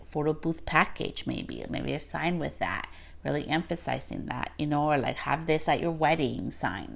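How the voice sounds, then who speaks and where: Gravelly low-voiced woman podcast host. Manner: chatty, filler-heavy, acts out quotes. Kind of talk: casual solo podcast talk.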